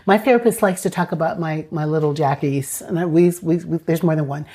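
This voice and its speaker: A woman's voice: deep voice, brisk. A woman hosting a podcast interview, affirming her guest and laughing easily. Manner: warm affirmations, playful laughs. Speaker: podcast host. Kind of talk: conversational interview.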